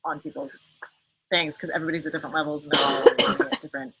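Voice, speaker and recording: A woman's voice: deep voice, big pitch swings, quick pace, a crowd in the background, rough recording. A woman hosting a casual live chat, answering viewer comments in a rambling way full of fillers and cursing. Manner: chatty, fillers, frequent cursing. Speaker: livestream host.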